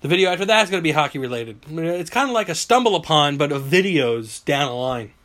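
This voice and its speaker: A man's voice: on the high side, a little fast. A man hosting a casual podcast, telling stories with lots of energy and acting out people's reactions, recorded on a phone. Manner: animated storyteller, acts out reactions and screams. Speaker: podcast host. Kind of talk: casual chat.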